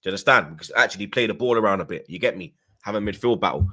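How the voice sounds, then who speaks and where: A man, hosting a casual football chat in slangy, animated talk. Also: fairly low pitch, very fast. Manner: slangy, animated, swears freely. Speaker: host.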